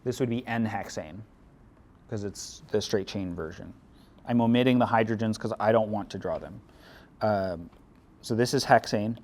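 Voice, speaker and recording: Low-voiced man giving a chemistry lecture. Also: normal speed, darkish tone. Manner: casual, explains step by step, dry sarcasm. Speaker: chemistry instructor. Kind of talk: classroom lecture.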